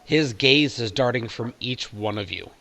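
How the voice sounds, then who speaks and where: A man running a tabletop game as game master, narrating casually and haltingly. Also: mid-range voice, bright, forceful tone.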